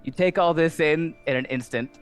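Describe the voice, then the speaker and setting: A man narrating a tabletop game as dungeon master, in a playful, animated way. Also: a little high, normal speed. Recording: music underneath.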